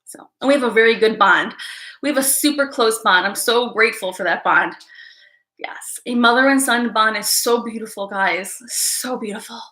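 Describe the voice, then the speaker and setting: A woman's voice: fairly high pitch, normal speed, pushed and bright, roomy sound, low-quality recording. A woman psychic hosting a live stream, talking casually and emotionally to viewers, rambling with sighs and restarts.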